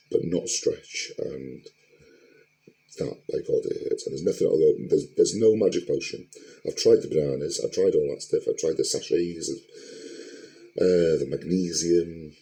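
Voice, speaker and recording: A man's voice: a bass voice, gravelly, mellow, poor audio. A middle-aged man, talking candidly to camera in a rambling, blunt way and swearing often. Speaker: vlogger. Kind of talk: candid personal vlog.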